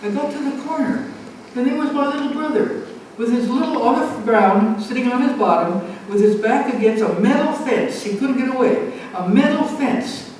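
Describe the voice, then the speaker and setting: A woman's voice: high voice, normal speed, few pauses, a little mellow. An older woman telling a playful childhood story to an audience, laughing through her punchlines. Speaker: storyteller at an art show event. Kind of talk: casual anecdote told to a live audience. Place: community center gallery. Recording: echoey room from far off, faint noise.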